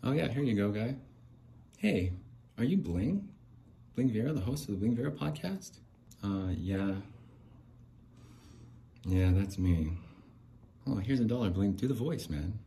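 Brief: eager, pushy adult male fan, bright raised pitch, insistent, a man voicing him. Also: lively intonation, takes it slowly, vocal fry, long pauses, a little hiss or hum, heavily acted. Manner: chirpy, insistent.

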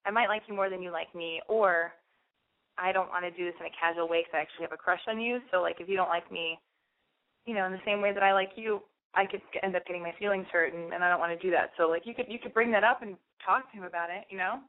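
A woman's voice: fairly low pitch, fairly even intonation, fast. A woman hosting an advice show, giving a caller frank, blunt advice and acting out sample lines. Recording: phone-like radio audio.

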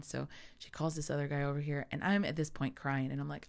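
Low, gravelly woman telling a story. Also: fast, hardly any pauses. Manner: animated, acts out her own panic in quoted asides. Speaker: photographer telling a travel story. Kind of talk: casual storytelling.

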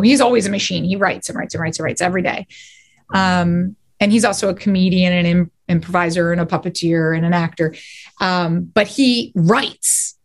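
Animated woman telling stories. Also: medium pitch. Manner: animated storyteller, quick bursts of speech. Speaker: guest actor and writer. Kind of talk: casual podcast interview.

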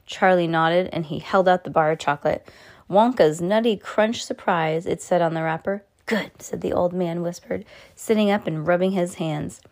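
A woman's voice: lowish voice, fairly even intonation, moderate pace, a little mellow. A woman hosting a podcast, reading a children's book aloud with chatty, playful asides to a child. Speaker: podcast host reading to kids.

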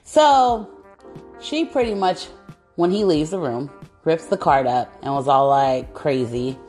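A woman with a fairly low voice chats easily on a podcast, filling in plot points. She sounds relaxed and agreeable. Soft music sits faintly underneath. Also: a little slow. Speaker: podcast co-host. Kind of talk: casual chat recapping a movie.

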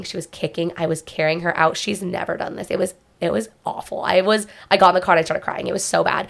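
A woman's voice: lowish voice, little pitch movement, quick pace, creaky, few pauses. A young adult woman co-hosting a podcast, telling a story in a rambling, casual way full of "like"s. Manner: rambling, filler-heavy storytelling with many "like"s. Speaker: podcast co-host. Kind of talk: casual chat.

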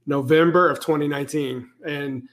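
A man co-hosting a casual sports podcast, telling a story in a relaxed way. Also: fairly high pitch, moderate pace. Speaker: podcast co-host. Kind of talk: casual chat.

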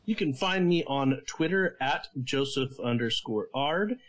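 Male co-host, mid-pitched, casual and hesitant, heavy on fillers. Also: animated, measured pace, poor audio. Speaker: podcast co-host. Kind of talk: casual podcast chat.

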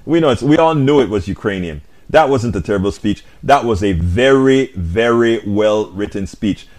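A man's voice: fairly low pitch, lively intonation, moderate pace, darkish tone. A man hosting a live stream, reading viewer comments aloud and answering them in an argumentative way, with rhetorical questions and frequent restarts.

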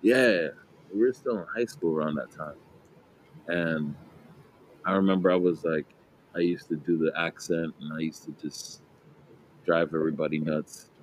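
A deep-voiced man in his late twenties from New Jersey co-hosts a podcast, chatting casually at a moderate pace with long pauses. He rambles, uses many fillers and restarts, and laughs a lot; the recording is rough with slight background noise.

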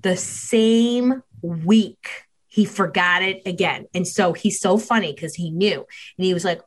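A woman's voice: fairly low pitch, measured pace, rough recording. A woman in her fifties, a parenting expert guest, chatting and telling stories animatedly, acting out bits of dialogue. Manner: animated, acts out dialogue in shifting voices. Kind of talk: casual storytelling chat.

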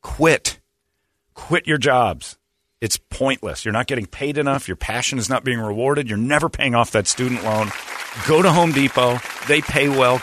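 A man's voice: fairly high pitch, fairly bright tone, slight background noise. A man ranting in a blunt, sarcastic way on a casual talk show, now and then acting out other people's voices. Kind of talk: casual comedic rant.

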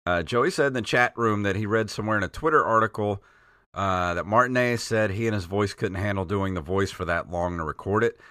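A man's voice: fairly low pitch, pushed and bright, no room sound, clean studio sound. A man hosting a gaming podcast, chatting in a laid-back way with lots of fillers. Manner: laid-back, filler-heavy, drops into quick impressions. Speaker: podcast host. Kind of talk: casual chat about games and movies.

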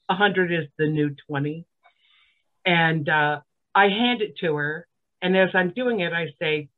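A woman from Alabama spins a long story with a dry, sardonic bite. Her voice sits a bit low and comes through a thin, phone-like line. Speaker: guest. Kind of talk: casual storytelling on a comedy podcast.

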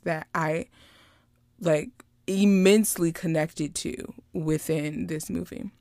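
A woman casually recapping a movie, chatty and animated, drifting into personal stories. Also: fairly low pitch, creaky, no echo, clean studio sound. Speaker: vlogger reviewing a movie.

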